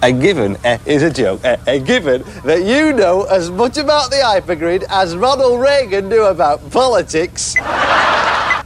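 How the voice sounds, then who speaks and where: An actor playing a fussy, pedantic know-it-all who talks in grand, wordy flourishes. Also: male voice, high voice, sing-song, unhurried, noisy background. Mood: conspiratorial. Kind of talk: 1990s TV drama acting.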